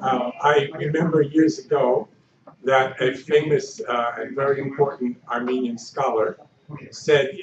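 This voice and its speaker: An older man giving an academic lecture in a measured, wry manner. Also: medium pitch, a little hiss or hum. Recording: echoey hall, distant mic, dull lo-fi.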